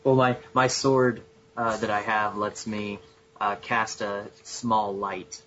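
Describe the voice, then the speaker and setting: A man's voice: lowish voice, little pitch movement, slow, fairly bright tone, muffled recording, a little hiss or hum. A man playing a tabletop game, describing his character hesitantly with many fillers. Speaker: player. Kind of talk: casual tabletop game talk.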